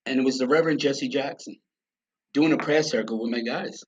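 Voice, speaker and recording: Blunt, husky-voiced New man. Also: medium pitch, brisk, lo-fi sound. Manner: blunt, profane, animated storyteller. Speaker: podcast guest. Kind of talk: casual storytelling.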